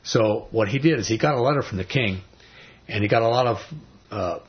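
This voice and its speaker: A man teaching an informal Bible study, retelling stories in a folksy way with many fillers and lively quoted voices. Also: lowish voice, a little fast, highs cut off.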